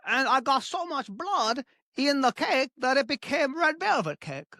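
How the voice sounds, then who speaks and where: Brief: grumpy greedy chef guy, deadpan and childlike, pitch leaping all over, dry close sound, a woman putting him on. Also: measured pace, dry recording, heavily acted. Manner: deadpan, broken grammar, wild pitch swings. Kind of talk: improvised comedy bit.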